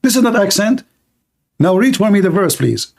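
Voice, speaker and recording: A man's voice: high-pitched, sing-song, moderate pace, vocal fry, a little mellow. A man hosting a heated online debate, insistent and repetitive, speaking in broken English grammar. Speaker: debate host.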